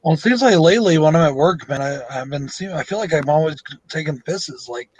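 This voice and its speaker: A man's voice: on the high side, expressive, brisk, husky, low-quality recording. A man co-hosting a live chat show, telling loose, profane stories in a rambling way. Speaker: podcast co-host. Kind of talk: casual chat.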